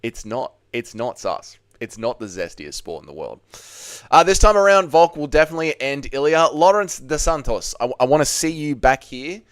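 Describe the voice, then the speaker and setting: A male livestream host with a lively, up-and-down voice that stays smooth and clear. He talks loosely and swears often, answering chat messages one after another from a chair at home. The sound is dry, with no room echo. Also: fairly high pitch, normal speed. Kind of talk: casual live fight watch-along chat. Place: home, seated at a desk.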